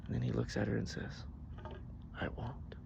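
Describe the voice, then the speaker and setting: A man telling an improvised story in a casual way, swinging between loud bursts and near-whispers. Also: fairly low pitch, monotone, quick pace, vocal fry, lo-fi sound. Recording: noisy background.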